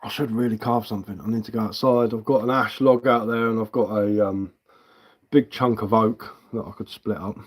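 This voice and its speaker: A man's voice: on the low side, steady tone, fairly quick. A man from England hosting a casual livestream as a woodcarver, rambling bluntly and swearing casually while answering viewers. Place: indoors at home.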